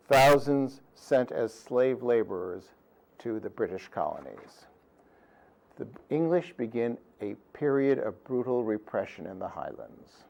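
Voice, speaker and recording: A man tells history as a comic lecture, taking his time over every sentence. His wit is dry and pedantic, and he lands each joke deadpan. His voice sits at an ordinary middle pitch. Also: gravelly, rough recording. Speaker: performer of a musical history talk. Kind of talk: humorous history lecture with songs.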